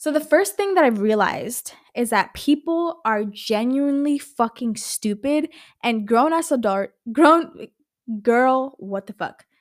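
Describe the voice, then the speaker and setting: A woman hosting her own podcast, talking casually in an animated, rambling way and swearing a lot. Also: fairly high pitch, measured pace, dry recording, clean studio sound. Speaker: podcast host. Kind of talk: casual solo podcast chat.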